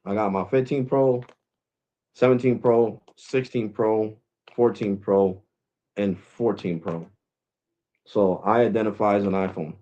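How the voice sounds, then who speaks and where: A man vlogging, ranting to his viewers in a blunt, mocking way. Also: mid-range voice. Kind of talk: opinion rant to camera.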